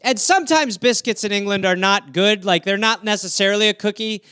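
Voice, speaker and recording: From home on a livestream, a man from Wisconsin riffs through silly prompts and playfully slips into comic voices. Recorded dry on a phone or webcam, his high-pitched voice comes across fairly quick, pushed, bright, and smooth.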